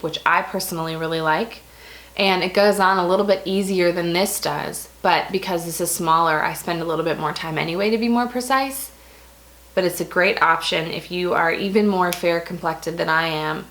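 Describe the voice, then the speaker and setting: A woman's voice: mid-range voice, a bit bright. A young American woman chatting casually through a makeup review, often correcting herself mid-sentence and laughing at her own slips. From United States. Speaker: beauty vlogger.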